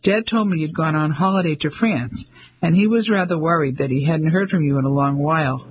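A man's voice: on the high side, a little fast, breathy edge, low-quality recording. A man voicing an earnest young soldier home on leave, anxious and incredulous. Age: young adult.

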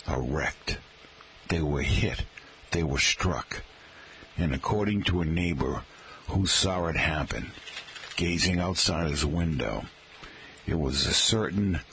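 Deep-voiced chatty radio host. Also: male voice, a bit bright, slight background noise, rough recording. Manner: rambling, anecdotal, chatty asides to listeners. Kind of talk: talk radio monologue.

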